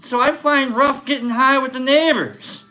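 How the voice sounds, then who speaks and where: This podcast host has a very high-pitched voice and speaks at a moderate pace, with faint music in the background. He tells a story animatedly on his casual show, performing the quoted voices of its characters.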